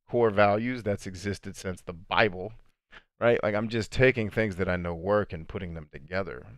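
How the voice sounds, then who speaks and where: A man life coach chatting casually on a livestream, reading viewer comments and answering them. He talks in animated fast bursts that slow into a deliberate cadence. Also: on the low side, dry recording, clean studio sound. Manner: conversational, addresses viewers as friends and dude.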